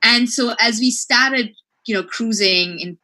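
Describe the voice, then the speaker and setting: A woman from Sri Lanka, a marine biologist, telling a lively story in conversation and peppering it with "right?" and "like". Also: fairly high pitch, unhurried. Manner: chatty, fillers like "right?" and "like".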